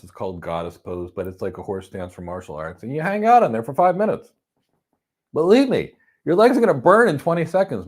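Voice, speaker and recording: A man giving a motivational talk on stress, telling stories with emphatic bursts that drop to soft, calm lines. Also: mid-range voice. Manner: animated storyteller, swings from loud emphasis to soft calm. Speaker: host. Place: lives in Florida.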